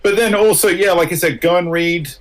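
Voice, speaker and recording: A man's voice: sits high, a little fast, low-quality recording. A man, a writer guest, giving casual, encouraging advice in a rambling way, often restarting his phrases.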